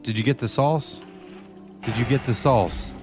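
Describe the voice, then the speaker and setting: A man's voice: medium pitch, a little slow, over music. A man chatting casually with viewers during a live game stream, loose and profane, often rambling. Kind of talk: casual live-stream chat while gaming.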